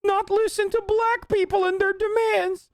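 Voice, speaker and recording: A man voicing an anxious young male student who stammers and halts through a debate, his voice pitched high. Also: flat delivery, normal speed, no echo, clean studio sound. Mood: mock-nervous.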